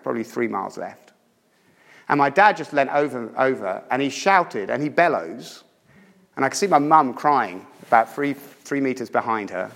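A man delivers a sermon in a mid-pitched voice, pressing his points with emphatic storytelling. He swings from loud, urgent lines to hushed, intimate ones. His voice rings out with the long reverb of a church hall. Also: creaky. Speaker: preacher.

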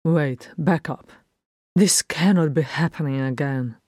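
Storybook dwarf prince, young, anxious, urgent questions, read by a woman, low and slow. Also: warm tone, no room sound. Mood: rueful. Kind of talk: audiobook fan fiction reading.

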